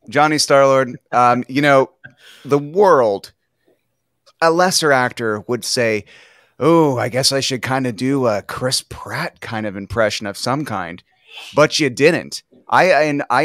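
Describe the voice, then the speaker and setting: A man's voice: medium pitch, fairly bright tone, dry recording, studio quality. A male host of a live online interview show, enthusiastic and full of praise for his guests.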